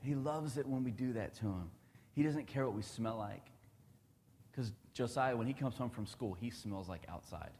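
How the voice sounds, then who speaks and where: A man's voice: medium pitch, normal speed. Chatty father with hall reverb. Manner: warm, chatty, laughs often. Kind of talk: casual devotional talk.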